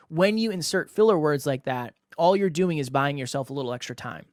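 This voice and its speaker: A man's voice: fairly high pitch, lively intonation, moderate pace, few pauses, darkish tone, no room sound, clean studio sound. A man hosting a solo podcast, coaching listeners in an emphatic way that repeats key phrases and acts out example lines. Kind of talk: solo instructional podcast talk.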